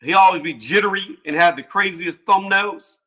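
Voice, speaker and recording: A man hosting a casual boxing livestream panel, joking loudly and cursing, with frequent laughs and trash talk. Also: sits high, normal speed.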